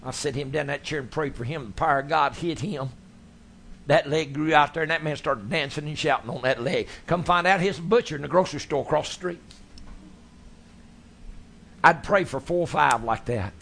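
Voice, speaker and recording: A man preaching a sermon, telling his stories in a folksy, animated way. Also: fairly high pitch, moderate pace, gravelly, a little hiss or hum. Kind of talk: sermon storytelling.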